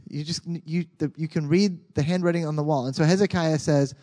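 A man preaching a sermon as a pastor in a conversational, animated way with frequent restarts. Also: on the high side, brisk.

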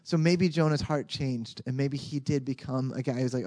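A man preaching a sermon as a pastor in a conversational, animated way with frequent restarts. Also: fairly high pitch, moderate pace, few pauses.

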